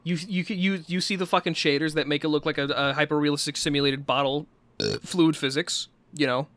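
A man in casual improvised comedy banter, halting and restarting as he thinks aloud, swearing freely. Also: on the high side, fairly even intonation, a bit bright, no room sound.

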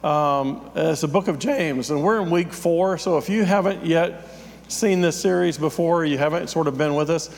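A man's voice: a little high, moderate pace, creaky, long reverb tail. A man, a pastor, giving a conversational, self-deprecating sermon with frequent fillers.

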